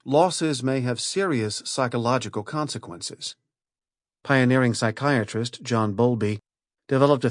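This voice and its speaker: Male narrator, middle pitch, steady and clear for nonfiction; dry booth, close mic. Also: no echo. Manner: measured, clear reading of lists and points. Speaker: audiobook narrator.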